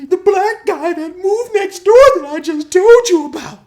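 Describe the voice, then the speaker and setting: A man voicing a distraught young male prison inmate who whines and sobs in a high-pitched voice. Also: a little slow, mellow. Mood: sobbing. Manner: sobbing, whiny, high-pitched.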